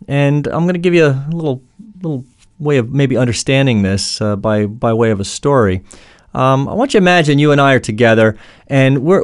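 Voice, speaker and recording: A man giving an instructional talk as a coach, earnest, explaining through stories and imagined dialogue, with frequent fillers and restarts. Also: medium pitch.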